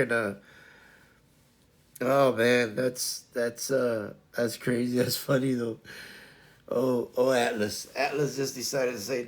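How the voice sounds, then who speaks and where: A man's voice: mid-range voice, slow pace. A man hosting a casual livestream chat, rambling and restarting his sentences often. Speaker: livestream host.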